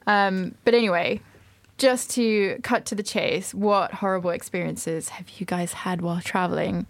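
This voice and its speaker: A woman's voice: medium pitch, steady tone, normal speed, vocal fry, no room sound. Chatty woman host, dry close sound. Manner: chatty, lots of "like" fillers. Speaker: podcast host. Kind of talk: casual chat.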